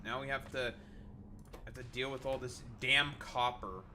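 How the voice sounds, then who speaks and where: A young man streaming a game, chatting casually, swearing often and ranting excitably. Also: mid-range voice, unhurried, a little hiss or hum. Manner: profane, excitable, breaks into laughter, rants. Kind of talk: casual gaming stream chat.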